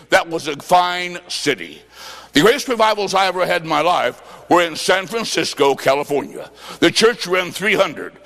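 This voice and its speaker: A man preaching a revival sermon with folksy stories, impassioned and shouting at the peaks. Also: sits high, vocal fry. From Illinois. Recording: echoey hall with long reverb.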